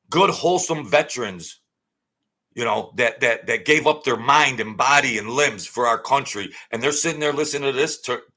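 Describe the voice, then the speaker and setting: A man's voice: medium pitch, pushed and bright. A man delivering a blunt, heated, repetitive ranting monologue as an online commentator.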